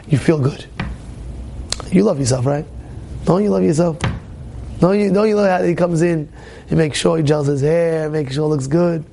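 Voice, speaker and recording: A man, a rabbi, tells stories in a spirited Torah class, repeating phrases and bursting into shouts for emphasis. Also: sits high, vocal fry, slight background noise. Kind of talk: spirited storytelling sermon. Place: classroom with students.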